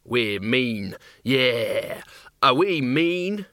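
A man voicing a pompous, excitable old male wizard dean in an audiobook, sniffy and bragging. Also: mid-range voice, normal speed, dry recording, clean studio sound.

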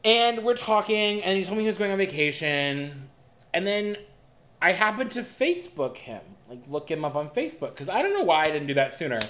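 A young man co-hosting a podcast, telling a dating story in a casual, animated and profane way. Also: sits high, brisk. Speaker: podcast co-host. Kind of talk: casual chat.

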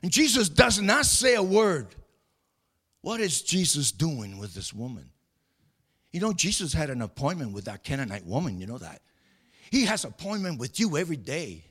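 A man's voice: on the high side, sing-song, normal speed, fairly bright tone, slightly rough. A man preaching a sermon, reading scripture aloud and preaching with rising fervor, often restarting and repeating words. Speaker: pastor.

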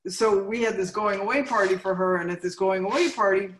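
A woman's voice: mid-range voice, fairly quick, echoey room, a little hiss or hum, low-quality recording. Chatty woman telling her recovery story. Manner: chatty, frank, self-mocking, keeps asking "right?". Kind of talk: recovery meeting share, storytelling.

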